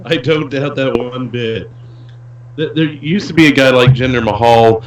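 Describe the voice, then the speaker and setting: A man's voice: medium pitch, normal speed, reverberant, recorded from a distance, rough recording. A man co-hosting a casual online show, steering the talk with dry questions. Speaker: co-host. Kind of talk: casual chat.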